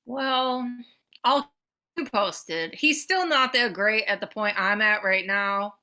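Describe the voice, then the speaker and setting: A woman in her thirties co-hosting a podcast, chatting casually and animatedly, swearing and swinging her pitch. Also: slow. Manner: animated, swearing, jumps between pitch levels. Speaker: podcast co-host. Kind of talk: casual chat.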